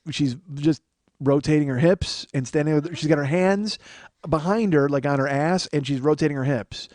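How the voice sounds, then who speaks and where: A man's voice: a little high, darkish tone, no echo. A man in his forties hosting a comedy podcast, rambling and self-mocking as he chats and swears freely. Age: 40s. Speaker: podcast host. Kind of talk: casual comedic podcast chat.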